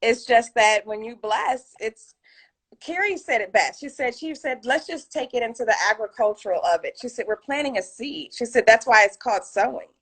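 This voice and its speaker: A woman's voice: on the high side, normal speed, husky. A woman hosting a casual live video chat, telling stories and quoting friends with feeling, talking through a phone. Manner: storytelling, quotes friends, emotional and warm. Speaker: author and live stream host. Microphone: phone on a live video call.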